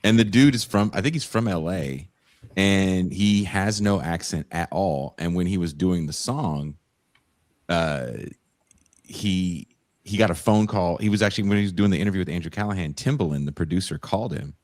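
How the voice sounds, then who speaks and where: A man's voice: deep voice, moderate pace, a little mellow, no echo. A man hosting a podcast panel over a video call, joking and blunt, laughing often. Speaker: podcast host. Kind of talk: casual panel chat.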